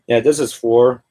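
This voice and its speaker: A man's voice: medium pitch, dark tone. Rambling man chatting while building a figure. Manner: rambling, filler-heavy, thinking aloud. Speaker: streamer assembling a toy figure. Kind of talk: casual live-stream chat.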